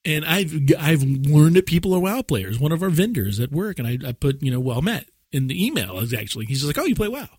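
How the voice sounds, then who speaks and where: A man co-hosting a casual podcast, chatting and joking in a drawn-out storytelling way. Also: on the high side, sing-song, a little mellow, breathy edge, no room sound, studio quality. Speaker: podcast co-host. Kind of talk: casual chat.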